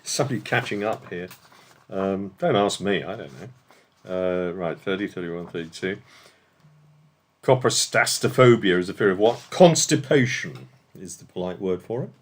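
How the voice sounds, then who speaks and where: An English quizmaster hosts an online quiz night over a video call, reading out questions and playfully bantering with players. His voice is low-pitched and animated, at a moderate pace.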